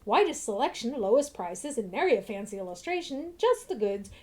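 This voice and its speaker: An actor playing a boastful shopkeeper in a fantasy video game, giving a sales pitch. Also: male voice, sing-song, a little fast, a little mellow. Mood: salesy. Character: smooth-talking male shopkeeper, salesy.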